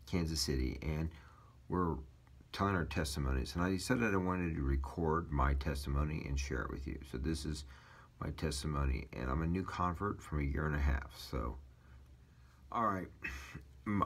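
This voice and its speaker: A man's voice: sits low, fairly bright tone. A man telling his personal testimony as a taxi driver, rambling casually with many fillers and restarts.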